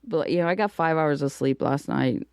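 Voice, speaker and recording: A woman's voice: low voice, moderate pace, vocal fry, clean tone, no echo, studio quality. Laughing comedian woman telling stories. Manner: animated storyteller, laughs often, acts out her kids' voices. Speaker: comedian guest. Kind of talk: casual podcast chat.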